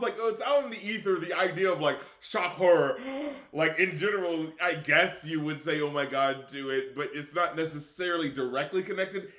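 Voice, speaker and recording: A bright-voiced man chats loosely on a live stream, swearing freely and breaking into laughter. His voice sits a little high and carries a forceful edge, with a roomy echo around it. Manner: profane, laughing, animated. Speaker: music critic streamer. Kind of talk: casual live-stream chat. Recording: echoey room.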